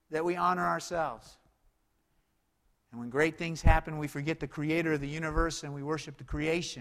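High-voiced preacher in a reverberant hall. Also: male voice, fairly even intonation, normal speed, vocal fry, fairly bright tone. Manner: preaching with rising emphasis and rhetorical questions. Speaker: pastor. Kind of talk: sermon.

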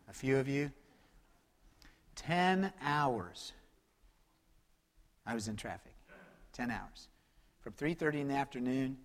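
A man preaching a sermon as pastor, swinging between loud emphatic passages and hushed, quiet asides. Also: mid-range voice, big-room sound.

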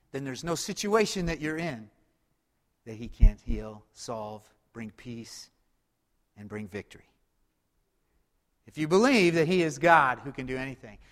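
Male pastor, high-pitched, emphatic sermon delivery, long reverb. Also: fairly bright tone. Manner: preaching with rising emphasis and rhetorical questions.

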